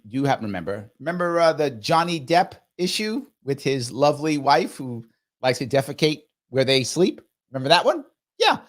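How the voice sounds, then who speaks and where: A man hosting a live commentary show, talking in an animated way and often asking rhetorical questions. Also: on the high side. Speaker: host.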